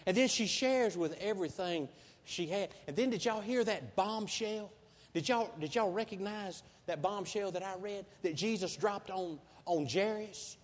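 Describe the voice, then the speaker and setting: A preacher with a high voice tells his stories in a homespun, folksy way. He swells into loud, emphatic passages as he drives each point home. His voice carries through a big church hall with a long, ringing reverb. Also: moderate pace. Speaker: pastor. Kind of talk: sermon.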